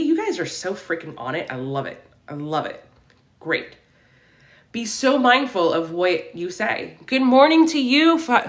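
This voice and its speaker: A woman's voice: mid-range voice, reverberant. Upbeat spiritual woman chatting on a livestream. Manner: upbeat and affirming, preachy about mindset. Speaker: spiritual reader and livestream host. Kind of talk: casual livestream chat, reading viewer comments. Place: her room at home.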